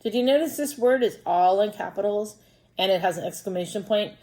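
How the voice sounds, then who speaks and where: A woman's voice: mid-range voice, a little fast, darkish tone. A woman teaching a first grade lesson by video, patiently explaining reading and math step by step for young children. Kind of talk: recorded distance-learning lesson.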